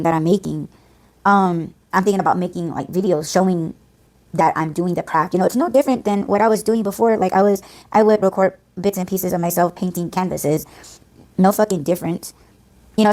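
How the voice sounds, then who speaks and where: A woman's voice: medium pitch, a little mellow. A woman hosting a podcast, venting in a blunt, profane, casual ranting monologue. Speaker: podcast host.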